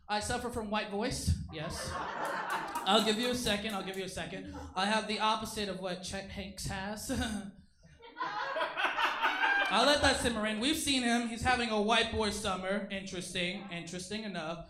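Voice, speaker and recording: A young man doing a stand-up comedy set, animated and self-mocking, slipping into quick mock voices. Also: sits high. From Eritrean family. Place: comedy club stage. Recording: echoey club room with crowd noise.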